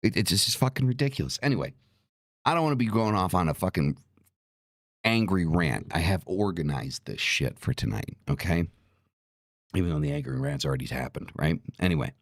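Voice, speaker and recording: A man's voice: deep voice, animated, a little fast, dry recording, clean studio sound. A middle-aged man hosting a talk show, speaking bluntly and profanely in a heated, repetitive rant. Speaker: podcast host.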